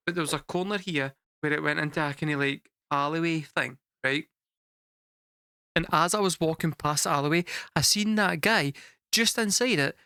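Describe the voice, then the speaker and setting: A young Scottish man telling a story casually to a live chat, animated and swearing freely, laughing through the punchlines. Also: a little high, clear, resonant tone, no room sound, studio quality. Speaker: music reaction streamer.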